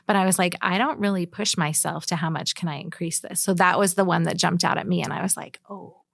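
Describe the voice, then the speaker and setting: A woman hosting a casual podcast discussion, chatty and quick to laugh. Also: lowish voice, steady tone, creaky, no echo, clean studio sound. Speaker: podcast host.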